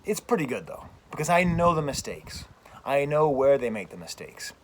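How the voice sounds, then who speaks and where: An American man, a French professor hosting his own channel, delivering an animated, emphatic opinion rant outdoors, often repeating phrases. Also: medium pitch, moderate pace, a little hiss or hum.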